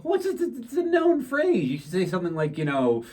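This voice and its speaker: A woman's voice: fairly high pitch, huge pitch swings, normal speed, darkish tone. A woman co-hosting a podcast, chatting casually and making dry, wry comments. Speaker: podcast co-host. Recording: somewhat distant mic.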